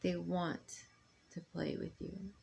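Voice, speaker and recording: A middle-aged woman speaking to her sons in a rambling, halting personal monologue full of ums and restarts. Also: lowish voice, little pitch movement, gravelly, darkish tone, slight background noise. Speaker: mother addressing her sons.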